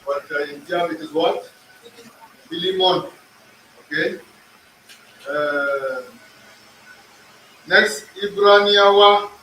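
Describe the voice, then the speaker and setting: A man's voice: a little high, fairly even intonation, takes it slowly, pauses often, fairly bright tone, slight background noise. A man teaching an in-person language class, drilling pronunciation, repeating words and quizzing his students. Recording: echoey room, far from the mic.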